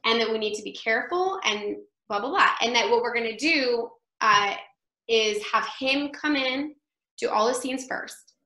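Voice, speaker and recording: A woman actress telling an anecdote as an interview guest, animated and chatty, laughing often and acting out what others said. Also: fairly high pitch, moderate pace, reverberant, poor audio.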